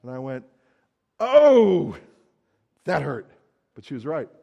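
A man's voice: mid-range voice, brisk, creaky, a little mellow, breathy edge, dull audio. A man preaching a sermon in a conversational, emphatic way, acting out quoted lines.

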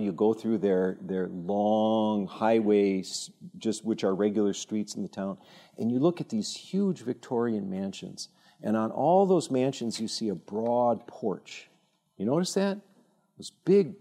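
Older male speaker, mellow voice, animated and digressive, telling anecdotes to younger listeners. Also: mid-range voice, gravelly. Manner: animated, rambling storyteller with many fillers and restarts. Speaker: speaker addressing a younger audience. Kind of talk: informal talk with anecdotes.

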